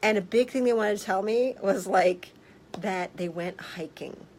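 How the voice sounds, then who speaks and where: Woman health practitioner, blunt and animated, casual vlog storyteller, mid-range voice. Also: mid-range voice, measured pace, slight background noise, poor audio. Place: office.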